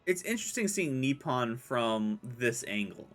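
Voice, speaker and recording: A man's voice: mid-range voice, big pitch swings, measured pace, fairly bright tone, faint music behind. A man hosting a casual gameplay video, chatting loosely as he plays. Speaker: gaming channel host. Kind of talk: casual Let's Play commentary.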